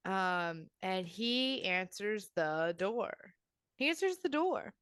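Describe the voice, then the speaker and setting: A woman co-hosting a podcast, recapping a story in casual chat with expressive quoted voices. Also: medium pitch, slow pace, clean tone, no room sound, studio quality. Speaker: podcast co-host.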